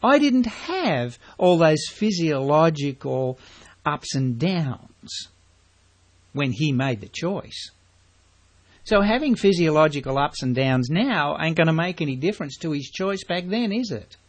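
Guy preaching a sermon, slightly high voice, slow and emphatic, keeps asking the congregation questions. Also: sing-song.

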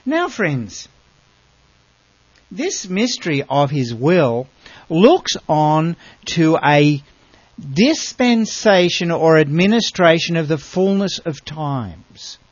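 A man's voice: a little high, very animated, slow pace, no room sound, dull audio. A man giving a Bible lesson as a sermon, earnest and emphatic, often asking his listeners rhetorical questions. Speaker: Bible teacher.

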